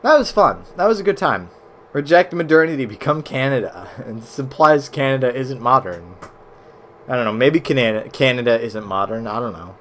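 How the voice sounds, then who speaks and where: An American man casually commenting while playing old browser games for his stream chat, swearing and reacting loudly as he plays. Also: mid-range voice, very animated, normal speed, a little hiss or hum. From United States.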